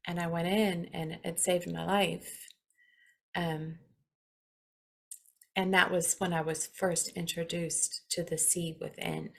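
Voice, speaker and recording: Woman in her 40s, slow earnest spiritual talk, low-ish voice w/ some vocal fry. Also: little pitch movement. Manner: slow, earnest, gently emotional, with soft laughs. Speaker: spiritual podcast host.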